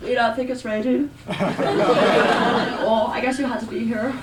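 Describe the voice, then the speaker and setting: A woman's voice: fairly high pitch, steady tone, measured pace, a loud crowd, very noisy, lightly acted. A woman playing a chatty teenage girl on the phone, giggly and full of odd big words, in a solo stage monologue. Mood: giddy. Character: chatty teenage girl, dreamy, dramatic vocabulary. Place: small performance space. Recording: roomy, distant live VHS recording.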